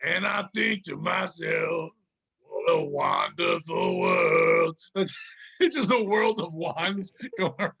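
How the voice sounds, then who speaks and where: A man doing an impression of an old jazz crooner, half-singing slowly in a gravelly voice. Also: sits high, bright, forceful tone, full character voice. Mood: crooning. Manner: slow crooning half-sung delivery.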